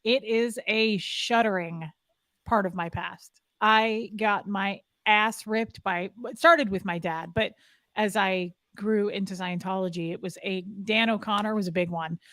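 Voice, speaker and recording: A woman's voice: medium pitch, steady tone, measured pace, fairly bright tone, no room sound, clean studio sound. A woman co-hosting a podcast, telling stories candidly in casual chat and mimicking clipped commands. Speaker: podcast co-host.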